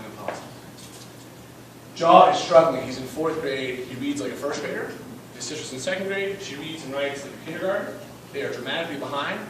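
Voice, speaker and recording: Emphatic man giving a fundraiser talk. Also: medium pitch. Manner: emphatic, keeps asking "right?". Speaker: school principal. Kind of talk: storytelling speech at a fundraiser. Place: event room. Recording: echoey room, distant mic, noisy.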